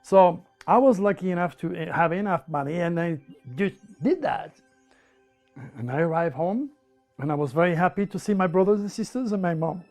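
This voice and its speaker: Man, French accent, high pitch, emphatic, repeats words, personal story. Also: normal speed, soft background music. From France. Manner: animated, emphatic, with repetitions and laughs.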